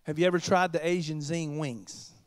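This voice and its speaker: Preacher guy, highish voice, jokey asides, dry close sound. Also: steady tone, normal speed, smooth, no echo. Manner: chatty, joking asides to the congregation. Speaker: pastor. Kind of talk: sermon.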